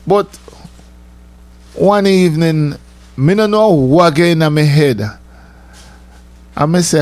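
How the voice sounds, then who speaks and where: Older man, casual storytelling, laughs a lot, slightly high voice, dry close sound. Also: unhurried, long pauses, no room sound. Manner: chatty, laughing, repeats himself, says "you know" often.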